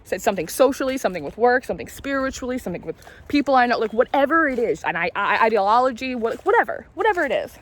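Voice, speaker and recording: A woman's voice: a little high, very animated, fast. A woman in her late twenties telling candid, rambling stories in a casual vlog, confiding and swearing now and then as she walks. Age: late 20s. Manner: talks while walking. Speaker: tarot reader and spiritual vlogger.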